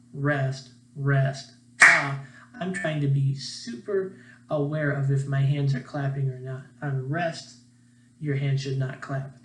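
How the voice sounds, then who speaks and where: A friendly male music teacher leads a children's rhythm lesson in an upbeat way, chanting counting syllables. His voice sits a little high for a man. The room is echoey, and a faint hum runs underneath. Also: a bit bright.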